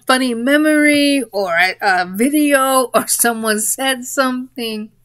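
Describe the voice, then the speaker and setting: A woman's voice: on the high side, fairly bright tone, no room sound. A woman in a casual spoken monologue, rambling a little and breaking into giggles mid-sentence. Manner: rambling, with fillers and restarts. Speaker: vlogger.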